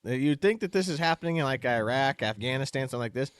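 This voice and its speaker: A man co-hosting a talk show who reads items aloud and chats in an animated way. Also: medium pitch, fast talker, clear, resonant tone, no echo, studio quality. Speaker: co-host.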